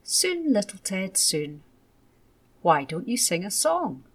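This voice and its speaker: Brief: a woman playing a soothing parent, slow and gentle. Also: medium pitch, big pitch swings, husky, full character voice.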